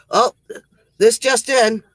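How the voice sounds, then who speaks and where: This man's voice is extremely high-pitched and fairly bright, and he speaks very slowly. He tells corny jokes on a livestream in a casual, rambling way, laughing at his own punchlines and cutting himself off mid-thought. There's no room sound, and the recording quality is low.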